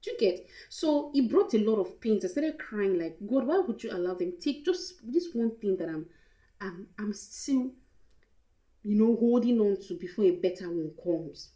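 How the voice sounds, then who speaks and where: A young woman with a Nigerian accent shares a personal storytime vlog, open and emotional, dropping into pidgin phrases. Her voice is soft and mellow. The room around her sounds echoey. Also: medium pitch, lively intonation, moderate pace. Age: young adult. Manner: candid and emotional, mixing in pidgin. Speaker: vlogger.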